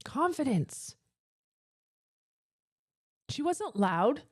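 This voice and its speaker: A woman's voice: high voice, sing-song, drawn-out words, slightly rough, no room sound. A woman business coach giving a motivational talk into a close microphone, with a casual, chatty manner and an emphatic, repetitive cadence. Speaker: business coach for female entrepreneurs.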